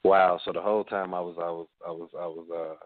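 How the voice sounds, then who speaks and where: A man's voice: low-pitched, little pitch movement, fast talker, no room sound. A man with a Chicago accent, a panelist in a casual radio round-table, rambling with many fillers and restarts. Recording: dry tinny phone line.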